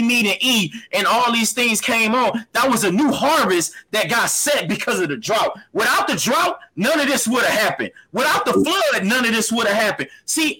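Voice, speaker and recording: A man co-hosting a faith podcast, speaking with impassioned, preaching fervor and repeated phrases that rise to near shouts. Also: high-pitched, breathy edge, poor audio. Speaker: podcast co-host. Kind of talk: faith-based podcast talk.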